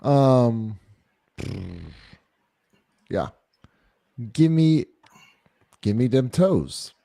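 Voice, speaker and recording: A man's voice: mid-range voice, lively intonation, very slow, mellow, no echo, clean studio sound. A man co-hosting a live postgame sports show, talking casually and hedging with "like". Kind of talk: live sports talk stream.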